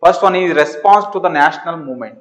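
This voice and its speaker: A man lecturing in Indian English with a Kannada accent, his voice pitched high for a man. He drills each point by repeating it and putting questions to himself. A long reverb trails his words. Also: lively intonation, racing. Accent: Kannada-influenced Indian English. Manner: repeats key points, asks and answers his own questions. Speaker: social studies teacher. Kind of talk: classroom lecture.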